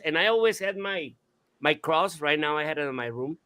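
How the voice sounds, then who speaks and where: A man hosting a radio talk show, telling a story in an animated, casual way, swearing and imitating sounds. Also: high-pitched, fairly quick.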